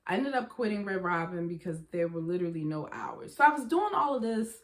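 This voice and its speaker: A woman's voice: fairly low pitch, fairly quick. Chatty young woman telling a storytime. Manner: chatty, animated retellings with quoted voices. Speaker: vlogger. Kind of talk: casual storytime monologue.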